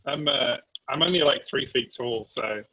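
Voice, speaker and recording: A man's voice: mid-range voice, wildly swooping pitch, normal speed, vocal fry, bright, forceful tone, highs cut off. A man playing a tabletop game, stammering and repeating words as he speaks. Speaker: player.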